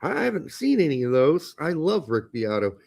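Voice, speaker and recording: A man's voice: on the high side, big pitch swings, normal speed, creaky, darkish tone. A man co-hosting a soccer podcast, speaking bluntly with casual swearing and joking asides. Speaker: podcast co-host.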